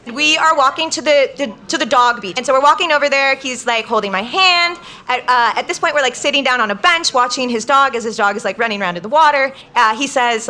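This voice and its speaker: A young woman telling a comic story on stage to a live crowd, chatty and full of "like", quoting people in lively bursts. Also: sits high. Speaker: guest storyteller.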